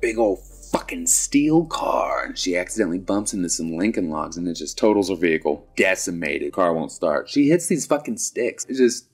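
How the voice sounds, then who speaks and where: A man's voice: brisk, hardly any pauses, breathy edge, soft background music. Profane, sarcastic man ranting about a movie. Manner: profane, sarcastic, animated with sudden high squeals. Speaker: movie reviewer. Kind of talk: comedic movie rant.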